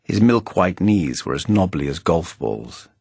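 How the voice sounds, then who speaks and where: A man's voice: sits low, expressive, measured pace, gravelly, darkish tone, breathy edge, dry recording. A man narrating his own novel in the first person in a wry, arch storytelling manner, recorded close on a studio microphone. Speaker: audiobook narrator, the author.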